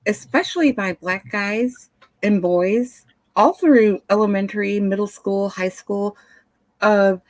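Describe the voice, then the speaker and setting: A woman's voice: mid-range voice, slow pace, dry recording. A woman in her fifties chatting casually, rambling and laughing at herself, with a dry recording. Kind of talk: casual chat.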